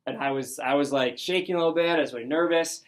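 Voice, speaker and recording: A young man gives a motivational talk to his sales team, his voice sitting a little high for a man. He tells the story excitedly and acts out each person's lines as he goes. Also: quick pace. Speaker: sales district manager.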